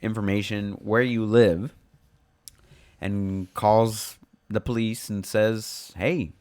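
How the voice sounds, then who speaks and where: A man's voice: fairly low pitch, little pitch movement, slow pace, a little mellow. A young man co-hosting a podcast, talking bluntly in casual chat and swearing freely. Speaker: podcast co-host.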